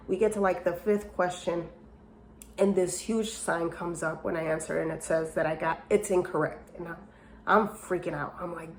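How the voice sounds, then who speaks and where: A woman casually telling a personal story to her viewers, animated and openly emotional, with many fillers and restarts. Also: lowish voice, normal speed, slight background noise. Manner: openly emotional and self-encouraging. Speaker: vlogger telling a life story.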